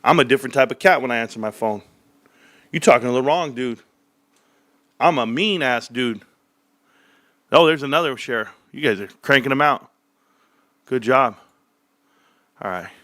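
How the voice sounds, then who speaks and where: Brash male streamer, mocking and profane; bright, tense, slightly high voice, close and dry. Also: moderate pace, pauses often, no echo. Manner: brash, mocking, swears freely. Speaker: livestream host. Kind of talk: joking livestream commentary.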